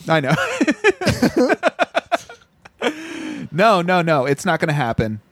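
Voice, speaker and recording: A man co-hosting a casual gaming talk show, his voice pitched a bit high and jumping around as he jokes. He rambles through stories with plenty of fillers. The sound is dry and close. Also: a little fast, dry recording. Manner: animated, joking, rambling storyteller with frequent fillers. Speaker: podcast co-host. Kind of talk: casual chat.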